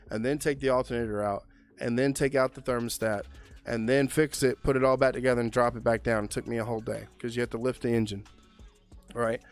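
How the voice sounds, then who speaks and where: A young man tells a rambling shop story with plenty of swearing, checking in with "right?" as he goes. His voice sits at an ordinary middle pitch. Faint music plays behind him. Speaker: podcast co-host and car mechanic. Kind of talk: casual profane chat.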